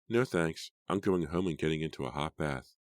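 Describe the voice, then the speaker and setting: A man's voice: rumbling low, normal speed, no echo. A male audiobook reader voicing a sarcastic, blunt teenage girl, raising his voice and speaking dryly. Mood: casual. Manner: dry, sarcastic.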